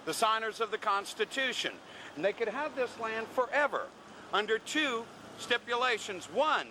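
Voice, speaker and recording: A wry, joking man from the American South leads a walking tour at an outdoor market. His voice sits high and leaps about lively. Loud traffic and street sounds fill in behind him. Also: low-quality recording. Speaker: tour guide.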